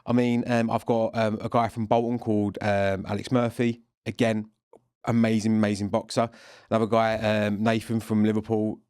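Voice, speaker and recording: A man's voice: fairly low pitch, level tone, moderate pace, a little mellow, clear, resonant tone, dry recording, studio quality. A man guest on a podcast, telling stories in a chatty, rambling way. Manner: chatty, rambling storyteller with many restarts. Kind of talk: casual chat.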